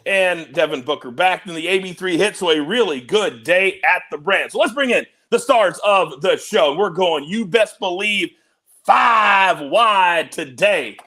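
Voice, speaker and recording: A man hosting a sports betting show, excitable and teasing, talking over a remote link. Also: on the high side. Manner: excitable, teasing, big swings in loudness. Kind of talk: energetic podcast hosting. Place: on the road, remote.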